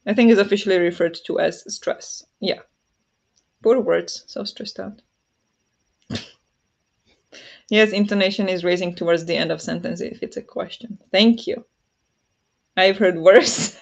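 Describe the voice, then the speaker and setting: A woman's voice: mid-range voice, measured pace, vocal fry, long pauses, muffled recording. Chatty Flemish woman streaming late. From Flanders. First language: Dutch. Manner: chatty, laughs often, reads chat aloud. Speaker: livestream host. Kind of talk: casual livestream chat. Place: home at night.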